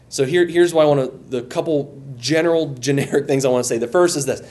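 A man leading a group Bible study, speaking loosely and conversationally, with a voice that rises as he gets excited. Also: medium pitch, fast. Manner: enthusiastic, voice rises when excited; loose and conversational, with restarts and asides.

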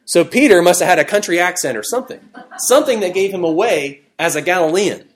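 Man teaching a lively Bible class. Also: on the high side, brisk. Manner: conversational and animated, with fillers and restarts. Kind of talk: classroom Bible lesson with fill-in notes.

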